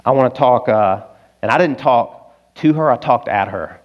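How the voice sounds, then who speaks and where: An Arkansan male pastor preaching a sermon in an earnest, confessional storytelling voice. His pitch sits in the middle, and he swings between quiet admissions and loud, emphatic peaks. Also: normal speed, highs cut off.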